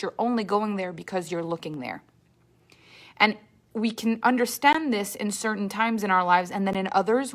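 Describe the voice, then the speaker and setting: Woman giving a motivational money talk. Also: mid-range voice. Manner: storytelling with acted-out quotes, repeats words. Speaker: money coach.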